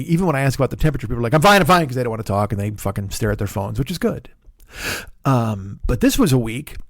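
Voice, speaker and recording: Gravelly, profane middle-aged comedian. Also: male voice, medium pitch, a little mellow, no echo, studio quality. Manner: rambling, profane, self-deprecating storytelling. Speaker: comedian and podcast host. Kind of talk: casual comedic monologue.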